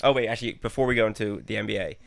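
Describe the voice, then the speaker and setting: This podcast co-host is a young man whose lowish voice has vocal fry and moves very fast. Chatting loosely about football, he wanders from point to point, leans heavily on fillers, and laughs through his stories.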